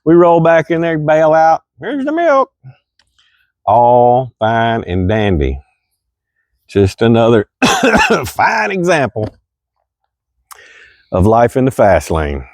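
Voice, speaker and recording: A middle-aged man with a drawl spins a yarn in a folksy, animated way. He bursts into loud exclamations at the exciting parts. His voice sits at a medium pitch, and the recording is dry and close. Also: slow, long pauses, no room sound. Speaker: storyteller vlogger. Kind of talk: casual storytelling.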